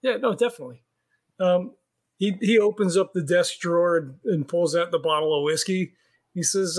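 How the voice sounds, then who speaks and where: High-voiced man thinking aloud. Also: normal speed. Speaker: player. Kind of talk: tabletop game chat.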